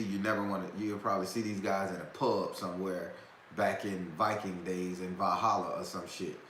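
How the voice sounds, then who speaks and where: A man's voice: sits low, a bit bright. A man hosting a live talk, telling a story in a loose, profane, casual way and laughing often. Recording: echoey room, faint background noise.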